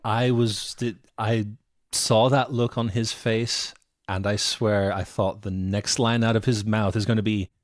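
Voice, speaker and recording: A man co-hosting a movie podcast, speaking in a measured, agreeable way with short replies. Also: fairly low pitch, flat delivery, no room sound, studio quality. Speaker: podcast co-host. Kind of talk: casual movie review chat.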